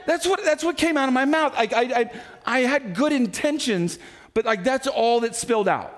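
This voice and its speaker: A man in his forties preaching a sermon, telling the story in an animated way and acting out the quotes himself. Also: very high-pitched, normal speed. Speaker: pastor.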